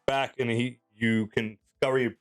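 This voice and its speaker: Male game master, casual halting narration, mid-pitched, soft music bed. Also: little pitch movement. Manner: loose, halting narration with many fillers.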